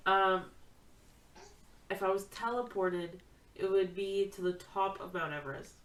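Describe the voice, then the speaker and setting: A woman's voice: medium pitch, measured pace, a bit bright, rough recording. A young woman co-hosting a podcast in casual chat, dry and matter-of-fact with a teasing edge. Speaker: podcast co-host.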